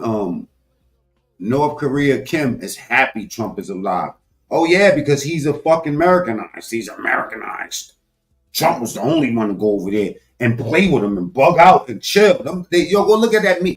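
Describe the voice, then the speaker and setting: A man's voice: mid-range voice, moderate pace, faint music behind. Man ranting profanely to his viewers. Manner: animated, loud swings, heavy swearing, talks to viewers directly. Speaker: political commentary vlogger.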